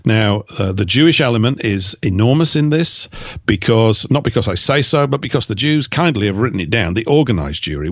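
A man's voice: lowish voice, no room sound, highs cut off. A man giving emphatic, opinionated answers as an interview guest, with mocking asides. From Britain.

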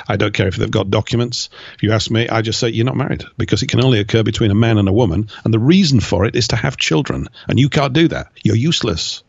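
A man's voice: lowish voice, vocal fry, slightly rough, no echo, highs cut off. A man giving emphatic, opinionated answers as an interview guest, with mocking asides. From Britain.

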